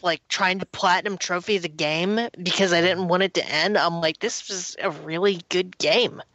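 A woman's voice: on the low side, fairly bright tone, no echo. A woman on a podcast panel, chatting with enthusiasm. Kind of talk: casual chat. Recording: dry muffled call audio.

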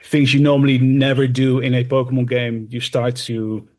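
A man co-hosting a casual podcast, telling game stories in a rambling, animated way with lots of fillers. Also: medium pitch, moderate pace. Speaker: podcast co-host and streamer. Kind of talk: casual chat.

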